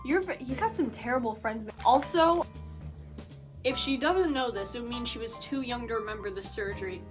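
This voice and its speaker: A young woman vlogger rambles through her reactions, giggling and snacking as she talks. Her voice sits fairly high. Faint music plays underneath. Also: moderate pace. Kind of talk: casual reaction commentary.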